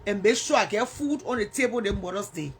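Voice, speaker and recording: A woman with a Liberian English accent hosts a relaxed livestream, chatting with viewers and teasing them as she answers their comments. Her voice is mid-range and a touch breathy, and she talks a little fast.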